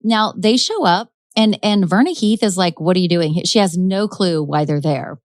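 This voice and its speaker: A woman's voice: mid-range voice, lively intonation, measured pace, no echo. A woman hosting a podcast, retelling a true-crime case in a chatty, dramatic way with frequent laughs. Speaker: podcast host. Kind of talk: casual true-crime storytelling.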